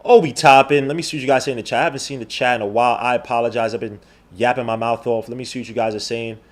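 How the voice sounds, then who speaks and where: A man hosting a podcast in casual chat, slangy and rambling, swinging from loud outbursts to low mutters. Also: steady tone, racing. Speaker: podcast host. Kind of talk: casual live-stream chat.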